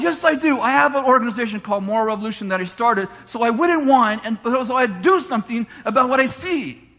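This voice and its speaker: A man preaching a lively sermon, shouting his points and mimicking complainers in mock voices. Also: very high voice, a little fast. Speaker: pastor. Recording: long hall reverb from a church.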